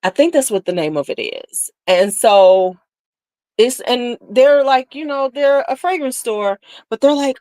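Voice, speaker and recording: A woman's voice: high voice, lively intonation, measured pace, darkish tone, no room sound. A woman hosting a casual beauty livestream, chatting candidly and sassily with viewers, laughing often. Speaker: beauty channel host.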